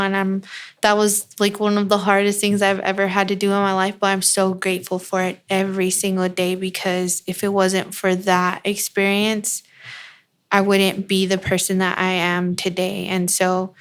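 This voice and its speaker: A woman's voice: mid-range voice, clear, resonant tone. A woman guest on a podcast, speaking earnestly and from the heart about supporting other women and her children. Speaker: guest, beauty brand founder. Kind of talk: casual podcast chat.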